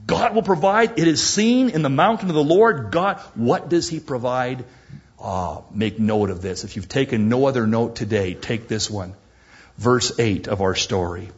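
Preacher, male, husky, dramatic pauses and hushed emphasis, dull recording. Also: mid-range voice. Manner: dramatic preaching, slows for emphasis and drops to a near whisper. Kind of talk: sermon.

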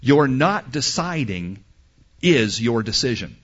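A man preaching an emphatic sermon in an outdoor amphitheater, slipping into the hesitant voices of imagined doubters before driving his point home. His voice sits at an ordinary middle pitch. The recording is somewhat dull and lo-fi. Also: sing-song, slow, fairly bright tone. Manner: emphatic, acts out listeners' doubtful replies.

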